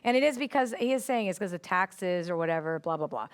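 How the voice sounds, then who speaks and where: A woman's voice: on the low side, quick pace, smooth. Woman medium relaying spirit messages. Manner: animated, repeats spirit messages, laughs often. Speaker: psychic medium. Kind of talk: live mediumship reading. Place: studio with live audience.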